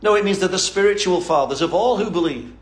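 A man's voice: high-pitched, fast. Fervent man preaching in an echoey church. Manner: fervent, emphatic preaching with repeated phrases. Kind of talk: sermon.

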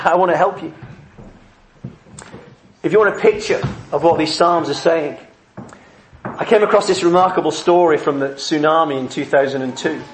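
A man's voice: fairly high pitch, roomy sound, a little hiss or hum. A man preaching a heartfelt, earnest sermon.

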